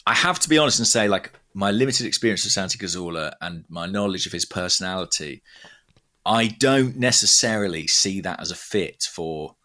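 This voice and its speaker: A man's voice: low voice, lively intonation, moderate pace, pushed and bright. A man in his thirties, from England, co-hosting a casual chat with emphatic, thinking-aloud talk. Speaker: podcast co-host.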